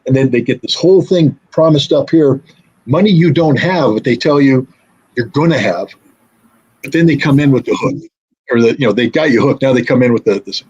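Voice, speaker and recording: A middle-aged man talks as a guest in a loose, conversational interview. His voice is husky and slightly breathy at a mid pitch. He rambles and acts out the lines of the people in his story. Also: fairly quick, a little mellow, dull audio. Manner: rambling storyteller who acts out quoted dialogue.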